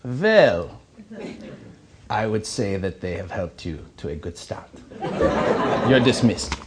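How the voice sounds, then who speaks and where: A man's voice: on the low side, expressive, takes it slowly, heavy background noise. A man voicing a stern elderly woman college dean who questions him in a dry, formal way.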